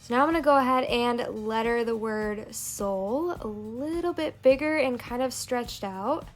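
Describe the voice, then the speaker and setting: A woman narrating a plan-with-me planner video, calmly explaining each crafting step. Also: fairly high pitch, a little slow. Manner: calm step-by-step crafting walkthrough. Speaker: planner vlogger. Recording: soft background music.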